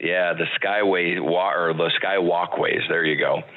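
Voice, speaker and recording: A man from northern Minnesota speaks as a podcast guest with a very low voice. He rambles in an easygoing, self-deprecating way, often restarting his sentences. The sound is thin and phone-like. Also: steady tone, unhurried. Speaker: podcast guest, company CEO. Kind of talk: casual interview chat. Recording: tinny phone-like line.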